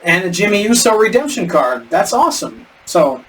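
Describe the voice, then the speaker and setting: A man co-hosts a podcast in casual conversation, rambling and tripping over names. His voice is high and fairly bright, swinging widely in pitch at a normal speed, picked up by a distant mic with faint background noise.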